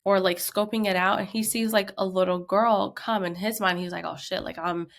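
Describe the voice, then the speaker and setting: Speaking at a moderate pace in a mid-range voice, a podcast co-host in her thirties recounts a tense family story during a casual chat. Her retelling is animated, with the quoted lines acted out.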